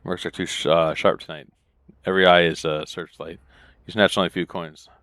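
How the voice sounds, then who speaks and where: A man's voice: sits low, flat delivery, fairly quick, a bit bright, dry recording. A man playing a game, reading its text aloud in casual commentary with laid-back muttered asides, on a close desk mic. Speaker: let's play gamer.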